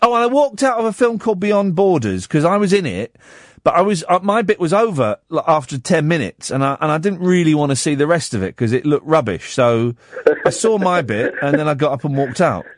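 A man's voice: on the high side, brisk, no room sound, clean studio sound. A man hosting a radio phone-in, chatting casually and jokingly with many fillers and restarts. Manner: animated, jokey, lots of fillers and restarts.

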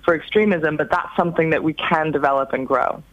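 A woman's voice: sits low, brisk, no room sound. A woman researcher answering an interview question in a careful, earnest way. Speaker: studio guest, extremism researcher. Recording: dull, dry remote line.

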